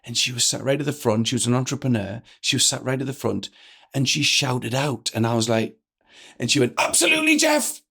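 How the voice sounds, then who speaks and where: A man, a guest telling stories in a lively way and acting out the lines of the people in them. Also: medium pitch, fairly quick, gravelly, slightly rough. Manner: energetic, acts out quoted dialogue. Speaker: guest speaker. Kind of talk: animated storytelling in a podcast interview.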